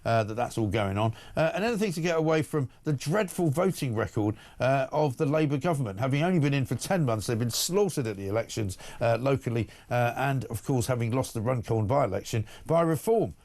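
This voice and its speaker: A man's voice: mid-range voice, animated, a little fast, hardly any pauses, darkish tone. A male morning talk-show host who reads out listener messages and gives blunt, indignant opinions.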